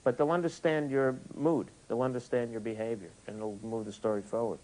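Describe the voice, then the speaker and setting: A man's voice: mid-range voice, fairly even intonation, a little fast, darkish tone, rough recording. A man with a whiny Bronx accent, telling a comic anecdote in an interview and acting out the dialogue. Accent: New York Bronx. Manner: comic storytelling, acts out dialogue. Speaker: actor interviewed.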